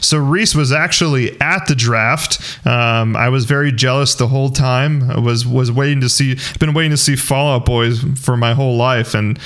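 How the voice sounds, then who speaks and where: A man's voice: medium pitch, steady tone, moderate pace, hardly any pauses, a bit bright. A man hosting a fan sports podcast, upbeat and chatty as he introduces his guests. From Kansas City area. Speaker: podcast host. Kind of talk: casual sports podcast chat.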